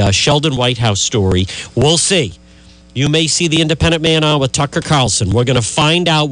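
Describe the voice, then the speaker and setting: A man's voice: fairly high pitch, a bit bright, rough recording. A male talk radio host ranting with indignant, emphatic energy at his listeners. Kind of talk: heated political talk radio.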